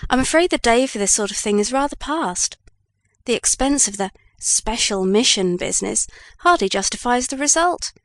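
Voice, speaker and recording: A woman voicing a kindly old male news editor in an audiobook, read in a measured way. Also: on the high side, lively intonation, dry recording.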